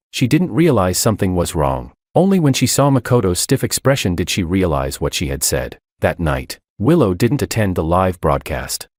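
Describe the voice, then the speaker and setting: Deep-voiced man narrating a romance story. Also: darkish tone, no room sound, clean studio sound. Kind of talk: first-person scripted story narration.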